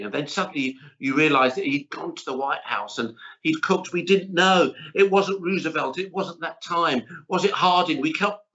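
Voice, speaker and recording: Middle-aged male chef guest, lively and chatty storyteller; bright tone over dull audio. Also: a little high. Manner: chatty, animated, rambling storyteller. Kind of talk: casual interview chat.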